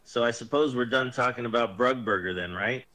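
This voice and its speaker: A man's voice: medium pitch, fairly quick, bright, forceful tone, low-quality recording. A text-to-speech male voice reading the lines of a tired, frustrated police officer who keeps asking the same thing. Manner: tired, complaining, repetitive questioning.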